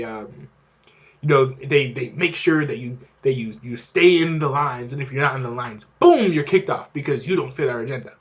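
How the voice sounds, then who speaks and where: A young podcast host with a mid-range, slightly bright voice rambles casually through a monologue full of fillers and restarts.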